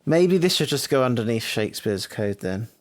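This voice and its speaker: A man's voice: medium pitch, very animated, moderate pace. A man co-hosting a podcast in casual chat, giving short, blunt, dry answers. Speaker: podcast co-host.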